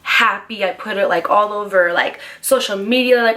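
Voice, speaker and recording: Bright, chatty young woman vlogger. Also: medium pitch. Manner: chatty, fast, heavy use of "like". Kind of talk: casual storytime.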